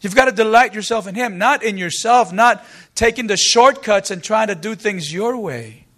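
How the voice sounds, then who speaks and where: A male pastor preaching a sermon earnestly, building to emphatic peaks and dropping quiet, with a conversational storytelling manner. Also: high voice, moderate pace. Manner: storytelling asides with fillers and restarts. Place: church.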